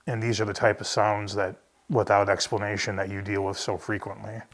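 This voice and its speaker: A man hosting a paranormal investigation, asking gentle questions in a calm, reassuring way. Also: on the low side, fairly quick. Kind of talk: investigation interview.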